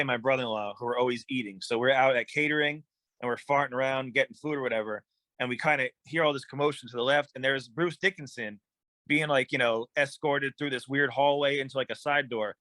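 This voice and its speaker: A man, a musician guest on a podcast, telling stories in a relaxed, rambling way with many fillers. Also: medium pitch, no room sound. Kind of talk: casual storytelling in an interview.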